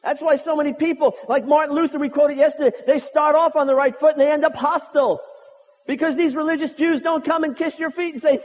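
High-voiced preacher in a reverberant hall. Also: male voice, fairly even intonation, fast. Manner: impassioned, rhetorical, building repetitions. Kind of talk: sermon. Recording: muffled audio with long hall reverb.

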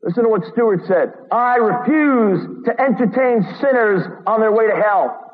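A man's voice: sits high, animated, normal speed. A man preaching a sermon in an earnest, urgent way, reading quotes aloud and adding sarcastic asides. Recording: tinny phone-like radio broadcast from a long-reverb hall.

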